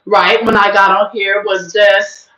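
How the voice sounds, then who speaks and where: A woman hosting a casual livestream, chatting to her viewers in an animated, churchy manner while her voice is just recovering. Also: mid-range voice, measured pace, roomy sound, poor audio. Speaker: host.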